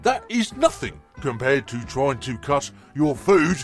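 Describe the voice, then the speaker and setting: A man puts on a calm, soothing male announcer for a comedy radio segment. He speaks very slowly and carefully, in a gently reassuring tone. Soft music plays behind him. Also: medium pitch. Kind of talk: comedy radio jingle skit.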